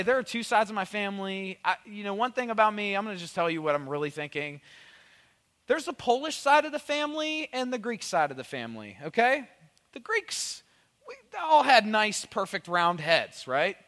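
A man in his thirties telling rambling, animated comic stories to an audience, full of "like" and "you know". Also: sits high, long reverb tail. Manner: rambling, animated, heavy on "like" and "you know", bursts of loud excitement. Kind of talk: conversational storytelling, comic monologue.

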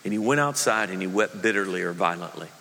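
Bright-voiced pastor preaching in a reverberant hall. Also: male voice, sits low, fast, creaky. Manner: animated storytelling, acts out quotes, laughs at own slip. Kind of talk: sermon.

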